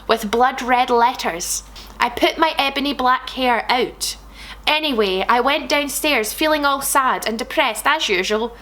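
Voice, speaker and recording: High, bright young woman reading comically. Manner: animated, sarcastic, swears freely. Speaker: comedian reading fan fiction aloud. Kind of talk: comic read-aloud.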